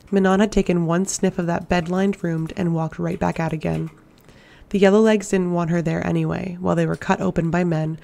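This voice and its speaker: A woman narrating a fantasy audiobook in a steady, even storytelling delivery. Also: lowish voice, vocal fry. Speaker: audiobook reader.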